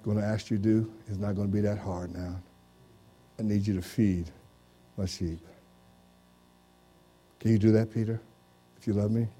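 Mellow-voiced man preaching a sermon. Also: lowish voice. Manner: interactive preaching, peppered with "amen" and "praise the Lord"; banters with a volunteer from the congregation. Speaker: pastor. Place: church.

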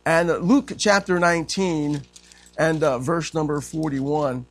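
A man preaching a sermon in a conversational way. He often says amen and voices quotes by pitching up. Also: steady tone, unhurried, faint music behind. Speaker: pastor.

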